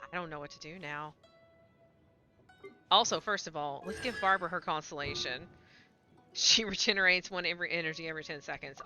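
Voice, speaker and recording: A woman streaming a video game, chatting casually into a desk mic, swearing freely and swinging between low mutters and loud excited yelps. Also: clear, resonant tone. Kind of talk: casual gameplay stream chat.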